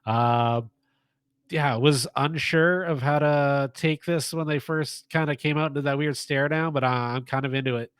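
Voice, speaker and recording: A man's voice: on the high side, fairly even intonation, moderate pace, smooth, no room sound. A man chatting on a wrestling review podcast, enthusiastic and talkative, sometimes tripping over his words. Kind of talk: casual podcast chat.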